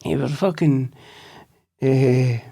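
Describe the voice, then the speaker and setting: A Scottish man with a gravelly, rough-edged voice tells a long, meandering story. His tone sits dark and low in warmth, and he swears freely as he goes. He talks like a guest in relaxed conversation. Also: slow. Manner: swears freely, rambling anecdotes. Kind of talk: casual storytelling.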